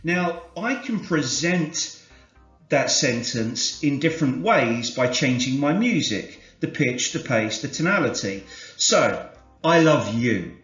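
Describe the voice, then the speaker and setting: Male corporate trainer, slow measured delivery, a bit high-pitched, roomy room sound. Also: big pitch swings. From United Kingdom. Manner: measured, explanatory, demonstrates with varied inflection. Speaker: sales trainer. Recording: roomy, slightly dull, soft music behind.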